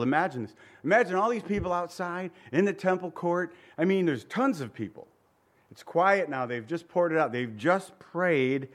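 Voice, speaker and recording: A male preacher giving a sermon, telling the story vividly and asking the listeners rhetorical questions. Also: a little high.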